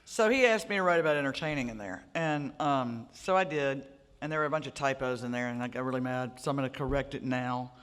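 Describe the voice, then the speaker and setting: A woman's voice: rumbling low, fast talker, clear, resonant tone. Woman, rambling self-deprecating storyteller, author on stage, live hall reverb. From Mississippi Delta. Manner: rambling, self-mocking humor. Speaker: author on a festival panel. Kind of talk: casual onstage storytelling. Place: large hall at a book festival.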